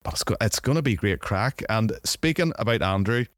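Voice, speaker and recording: A man's voice: lowish voice, expressive, fairly quick, no room sound, studio quality. A man hosting a podcast, chatting casually and teasing his guest. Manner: teasing, playful banter. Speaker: podcast host. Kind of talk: casual chat.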